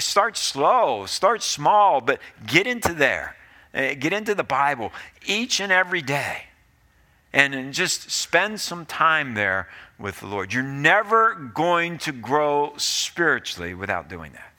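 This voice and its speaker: A man's voice: a little high, sharp tone. A male pastor preaching a sermon in an earnest, pleading way, often repeating his phrases.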